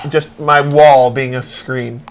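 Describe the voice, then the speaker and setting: A man's voice: medium pitch, fairly even intonation, takes it slowly. A man co-hosting a casual comedy tech show, joking around and laughing a lot. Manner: jokey, shouts silly bits, laughs a lot. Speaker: co-host.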